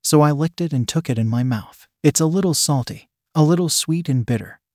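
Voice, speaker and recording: A man reading a first-person story in a steady scripted narration. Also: on the high side, brisk, no echo, studio quality. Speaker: story reader.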